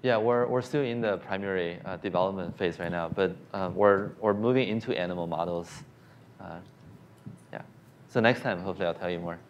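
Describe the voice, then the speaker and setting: A man's voice: low-pitched, fairly quick, highs cut off, slight background noise. A man giving a science lecture and answering questions, hesitant with frequent fillers and restarts. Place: lecture hall.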